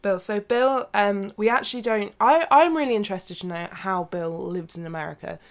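A woman's voice: medium pitch, moderate pace. A woman co-hosting a casual film chat, wry and chatty, often acting out lines from scenes. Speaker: podcast co-host.

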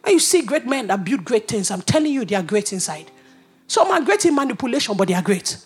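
Husky woman preaching. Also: on the high side, fast talker. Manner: animated, humorous storytelling with sudden whispers and shouts. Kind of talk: sermon.

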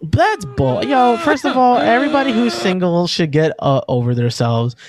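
A young man co-hosting a podcast, chatting casually with jokes, swearing and animated storytelling into a podcast mic. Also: sits high, normal speed. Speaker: podcast co-host. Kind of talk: casual chat. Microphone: podcast microphone.

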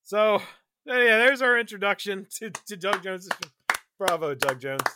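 A man hosting a podcast, recapping a film in casual chat, animated and quick to laugh. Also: high-pitched, background noise. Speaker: podcast host.

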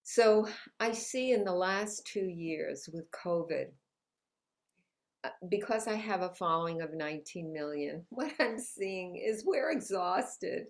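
A woman's voice: fairly low pitch, expressive, measured pace. A woman guest in an interview, talking in an upbeat, motivational way and laughing often. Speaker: guest, author. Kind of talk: conversational interview. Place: New York City.

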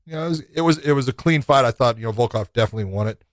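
An easygoing man talks over fights in a relaxed co-host chat, often filling with "you know." His voice sits at a middling pitch, and the recording is dry and close. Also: rapid-fire, dry recording. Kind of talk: casual fight breakdown chat.

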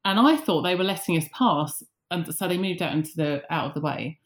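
A woman's voice: fairly low pitch, fairly quick. A woman in casual podcast chat, telling an anecdote and acting out the dialogue. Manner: chatty storyteller, acts out dialogue.

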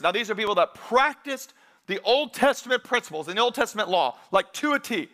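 A man with a high, bright voice preaching to his church. He speaks in a casual, conversational way and leans hard into the scripture he quotes. The tone stays clear and forward. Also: animated, brisk. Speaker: pastor. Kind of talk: sermon.

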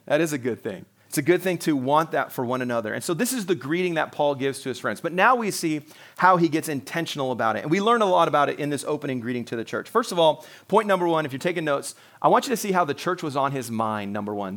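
High-voiced man preaching a sermon. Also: fairly bright tone. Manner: earnest, quotes scripture in character, chuckles often.

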